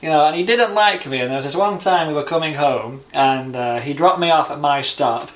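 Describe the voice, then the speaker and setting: A man's voice: on the high side, brisk, a bit bright. A young man telling stories in casual chat, rambling with lots of fillers.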